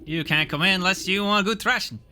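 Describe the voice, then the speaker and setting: A man voicing a pair of greedy, quarrelsome male camp guards in a rough, raised voice. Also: high voice, fast, sharp tone, a little hiss or hum, voice pushed up. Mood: gruff.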